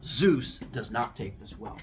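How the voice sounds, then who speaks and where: A man hosting a podcast, telling a myth as an animated, jokey comic story. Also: lowish voice, measured pace, distant mic. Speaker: podcast host.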